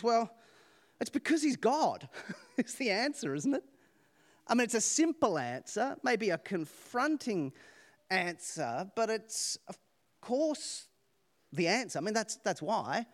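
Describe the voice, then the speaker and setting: Male preacher with a higher pitch and an animated, joking delivery full of rhetorical questions. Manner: animated storytelling, rhetorical questions, laughs at own jokes. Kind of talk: sermon.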